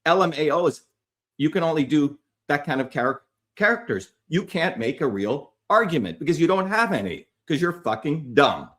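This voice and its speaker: A man's voice: a little high, sing-song, normal speed, fairly bright tone. A man hosting a livestream, delivering a heated, profane, combative rant at his viewers. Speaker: livestream host.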